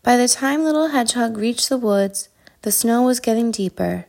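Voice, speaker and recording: A woman narrating a children's storybook in a calm, soothing way. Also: a little high, normal speed, gravelly.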